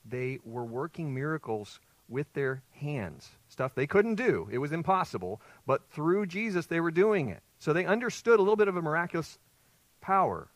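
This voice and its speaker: A man's voice: a little high, sing-song, normal speed, no room sound. A male pastor preaching an expository sermon, emphatic and putting rhetorical questions to his congregation.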